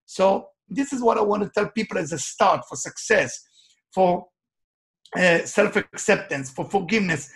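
A man who works as a life coach gives an emphatic motivational talk, telling personal stories in animated, non-native English phrasing. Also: high-pitched, moderate pace, vocal fry.

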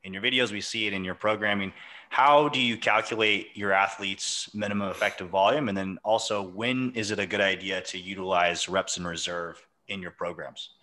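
A man interviewing a coach, asking measured, detailed questions. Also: deep voice, fairly even intonation, bright, forceful tone.

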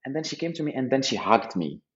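A man's voice: mid-range voice, sing-song, fast, roomy sound, muffled recording. A man from Morocco in his thirties, a startup founder telling a funny story on a podcast, laughing often and repeating words as he goes. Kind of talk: casual storytelling interview.

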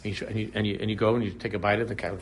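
A man's voice: lowish voice, little pitch movement, very fast, a little hiss or hum. A man teaching a casual religious class, talking conversationally, repeating phrases and drifting into humorous examples. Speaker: Torah teacher.

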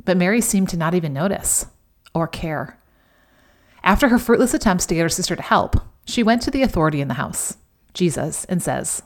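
A middle-aged woman hosting a devotional podcast in a chatty, emphatic way, with sudden animated outbursts. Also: lowish voice, normal speed. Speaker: podcast host.

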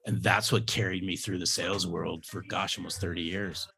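A man's voice: sits low, flat delivery, moderate pace, gravelly, sharp tone. A man in his fifties, a sales coach, telling stories in an interview with emphatic repetition. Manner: emphatic, repeats key phrases for effect. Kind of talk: storytelling interview talk.

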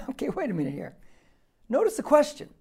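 A male pastor teaching a Bible passage verse by verse, emphatic, posing rhetorical questions and swinging between quiet asides and loud, stressed points. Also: very high-pitched, huge pitch swings, fairly quick, creaky, slightly rough.

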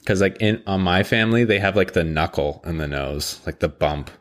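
Young man, very low voice, casual chat, swears a lot, acts out what people said. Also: normal speed. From Canada. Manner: animated storyteller, swears, acts out quotes.

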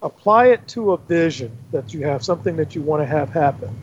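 A man hosting a call-in radio show, giving calm, instructive advice. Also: on the high side, fairly quick. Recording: dull lo-fi audio with faint background noise.

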